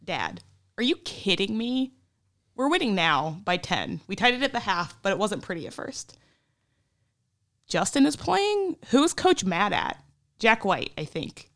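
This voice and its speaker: A woman's voice: medium pitch, very animated, a little slow, a bit bright. A woman co-hosting a sports podcast, giving a comic, exasperated dramatic reading of text messages, swearing and laughing along the way. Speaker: podcast co-host.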